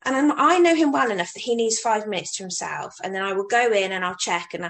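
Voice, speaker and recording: A woman in her thirties from England talks candidly in a relaxed conversation, often restarting her sentences. Her voice sits fairly high. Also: brisk, low-quality recording. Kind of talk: casual conversation.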